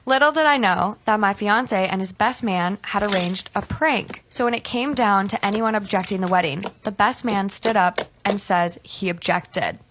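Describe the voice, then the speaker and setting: A woman's voice: mid-range voice, normal speed, few pauses. A woman reading a story aloud in a dramatic storytime way. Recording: noisy recording with clicks.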